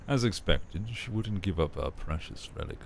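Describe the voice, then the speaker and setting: A man doing a deep haughty vampire. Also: expressive, normal speed, vocal fry, slight background noise. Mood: aloof.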